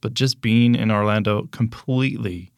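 A young man from Pennsylvania speaking as a podcast guest in a low-ish voice. He talks plainly and steadily in casual interview style. The sound is dry and close. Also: steady tone, moderate pace, clean tone, dry recording.

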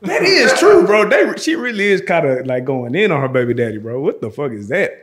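A man hosting a podcast interview, prodding his guest with questions and laughing loudly. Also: fairly high pitch, big pitch swings, a little fast. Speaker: podcast host. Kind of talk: casual interview chat. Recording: echoey room.

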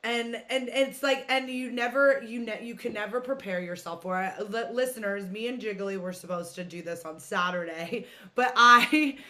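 A woman's voice: medium pitch, moderate pace, hardly any pauses, bright, forceful tone. A woman hosting a podcast, talking in a chatty, rambling, frank way with frequent swearing. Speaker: podcast host. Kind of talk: casual chat.

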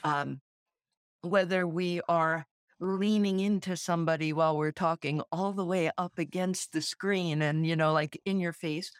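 A woman's voice: lowish voice, fairly even intonation, unhurried, clean tone, no echo, clean studio sound. A woman from New Jersey co-hosting a podcast, talking in a reflective, conversational way and laughing often. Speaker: podcast co-host.

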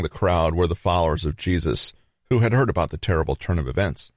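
A man narrating a scripted Bible story in a measured, grave manner, letting pauses hang between phrases. His voice sits very low. The sound is close and dry, with no room echo.

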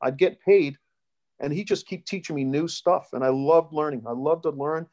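Middle-aged man, slightly high voice, rambling storyteller being interviewed. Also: moderate pace, a little mellow. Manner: rambling, with restarts and storytelling asides. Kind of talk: casual life-story interview.

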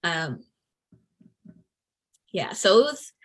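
Woman, 30s, from Atlanta, slightly low voice, earnest, reflective, halting, interview guest. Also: sing-song, a bit bright, husky. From Atlanta, USA. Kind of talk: personal storytelling in conversation.

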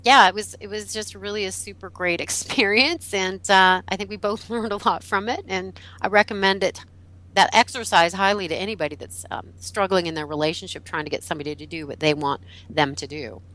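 A middle-aged woman guest who teaches about relationships, telling a personal story in an animated way, laughing and acting out what people said. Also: mid-range voice, fairly quick, low-quality recording. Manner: animated, laughing, acts out quotes. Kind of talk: storytelling in a podcast interview.

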